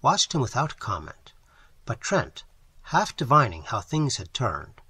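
A male narrator reading a classic novel aloud with a dramatic, expressive delivery. His pitch moves widely and his tone is bright with a faintly husky grain. The sound is dry and close. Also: a little slow, no echo. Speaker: audiobook narrator. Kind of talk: audiobook narration.

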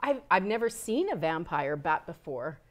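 A woman teacher hosting a children's learning show, her slightly low voice rising and falling with lively expression. She talks in a playful, animated way as she questions her puppet guest. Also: normal speed. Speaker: teacher and host.

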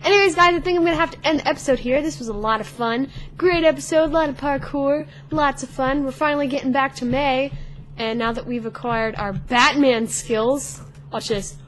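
A teenage girl narrates her gameplay in a bubbly, excitable ramble, talking to herself and the character on screen. Her voice sits on the high side. A faint hiss runs under the recording. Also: normal speed. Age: teens. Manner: chatty, excitable, talks to herself and the game character. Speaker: gaming channel host. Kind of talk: let's play commentary.

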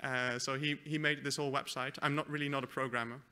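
Bright-voiced man giving a talk. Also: medium pitch, level tone, quick pace, clean tone. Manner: explains a live software demo, with fillers and self-corrections. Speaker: conference speaker. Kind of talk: academic conference presentation. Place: conference hall.

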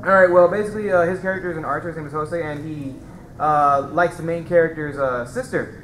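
A fan in the audience asks a question in a chatty, hesitant way with plenty of fillers, speaking at a middle pitch. The voice carries a roomy echo from the convention hall, over a faint layer of noise. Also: quick pace, a bit bright. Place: convention panel room.

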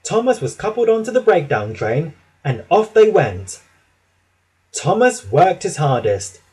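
A man narrating a children's storybook, reading slowly and expressively. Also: high voice, big pitch swings, darkish tone, breathy edge, rough recording.

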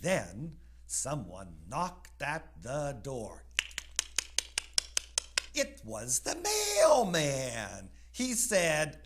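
A man's voice: fairly high pitch, sing-song, slow pace, noisy background. Man reading a playful children's story. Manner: playful, sing-song storytelling. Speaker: reader. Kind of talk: children's story read-aloud.

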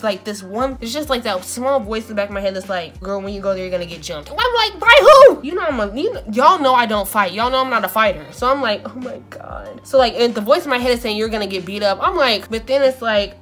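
Animated chatty teen girl vlogger. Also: mid-range voice. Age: teens. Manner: animated, dramatic, full of asides and self-talk. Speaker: beauty vlogger. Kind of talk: casual chatty storytelling.

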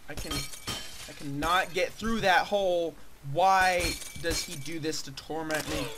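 A man giving gameplay commentary, rambling and swinging between shouts and quiet muttering. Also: fairly high pitch, a little slow. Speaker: let's player. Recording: loud background noise.

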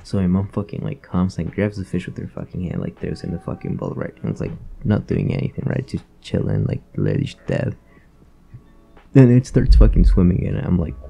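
Low gravelly young man ranting profanely. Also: very animated, a little fast, mellow. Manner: profane, rambling, filler-heavy. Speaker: vlogger. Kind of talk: casual storytime rant.

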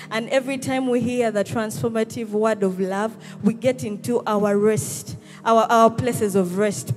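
With a warm, medium-pitched voice, a woman rouses her congregation in a church hall using calls and responses. Music runs behind the service.

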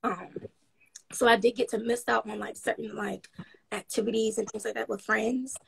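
A woman guest telling her story in a casual interview, frank and upbeat, rambling with many pauses and ums. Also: on the high side, steady tone, gravelly, rough recording.

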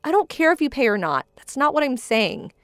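A woman voicing a hurt, firm young bride-to-be who speaks in a measured, indignant tone. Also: high-pitched, sing-song, a bit bright, no room sound, clean studio sound. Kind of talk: dramatized story voice acting.

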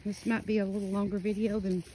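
A cemetery vlogger speaks fast in a level, dark, mid-range voice as she casually reads names and dates from headstones in an outdoor rural cemetery, a little out of breath. The rough recording carries a little hiss or hum along with birds and outdoor ambience.

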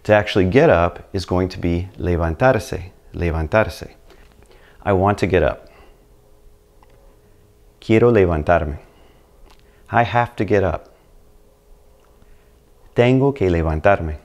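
A man's voice: deep voice, takes it slowly, pauses often, darkish tone. A middle-aged man teaching a language lesson in a chatty, patient way, often checking in with the listener. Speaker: Spanish teacher.

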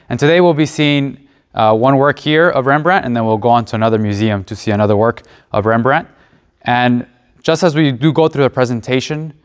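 A man's voice: mid-range voice, clear, resonant tone. Young male seminarian, mock tour guide for a class presentation, earnest, chatty, stumbles and restarts now and then. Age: young adult. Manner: conversational and earnest, with restarts and uh fillers.

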